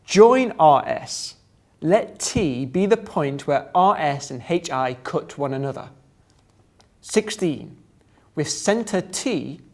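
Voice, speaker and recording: A presenter, reading out step-by-step geometry drawing instructions and adding dry, joking asides. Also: medium pitch. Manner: deliberate, dry asides, breaks into laughter at times.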